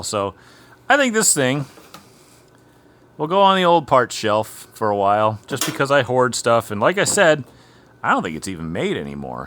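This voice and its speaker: A man's voice: lowish voice, a bit bright. A man hosting his own garage vlog, chatting casually and telling an amused, rambling story while working on an old race car. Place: home garage.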